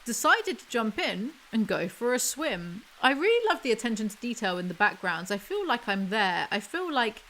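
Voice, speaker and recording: A woman reading a picture book aloud as ASMR commentary, with mocking, deadpan asides. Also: a little high, a little hiss or hum, low-quality recording.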